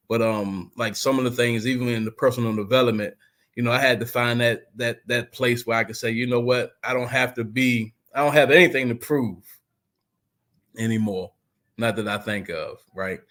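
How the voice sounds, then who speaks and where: A man's voice: mid-range voice, fairly bright tone. A man speaking animatedly as a guest in a casual conversation over a video call, rambling and emphatic, with many fillers.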